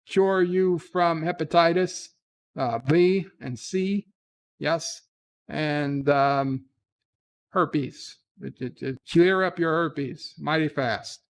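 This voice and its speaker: A man's voice: on the high side, takes it slowly. A man voicing a boisterous Scottish man who swears by a whiskey-and-haggis cure for everything, with a put-on Scottish accent and a crude, rambling manner. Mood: blustery.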